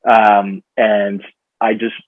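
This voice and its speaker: A man from Rica, an actor chatting as an interview guest, speaking haltingly with many fillers and restarts. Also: on the low side, little pitch movement, dry recording. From Costa Rica. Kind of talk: casual interview chat. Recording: dull, dry lo-fi sound.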